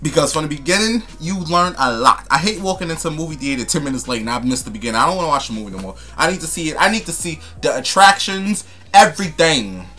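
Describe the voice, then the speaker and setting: A man's voice: fairly high pitch, animated, fast talker, sharp tone, faint music behind. A young man vlogging in a casual chat to camera, sassy and flamboyant, calling viewers honey and darling with dramatic, gossipy asides.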